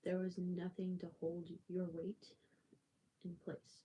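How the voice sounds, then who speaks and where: A woman's voice: lowish voice, completely flat delivery, slow pace, breathy edge, dull audio. A woman on a livestream telling a story in casual, rambling talk, full of fillers and self-corrections, sometimes dropping to a near-whisper. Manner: soft-spoken, drifts into near-whispers. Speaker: livestream host.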